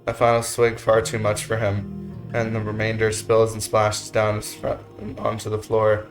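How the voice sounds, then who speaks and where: A man hosting a let's play, reading the narration of a visual novel aloud in a steady voice. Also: on the low side, normal speed, music in the background. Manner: steady narration with goofy joking asides.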